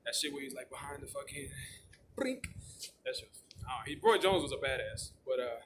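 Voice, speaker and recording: Profane rambling man over loud noise. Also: mid-range voice, lively intonation, normal speed. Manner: heavy swearing, loose and rambling with many fillers. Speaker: channel host. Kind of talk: casual rambling chat. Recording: loud background noise with clicks.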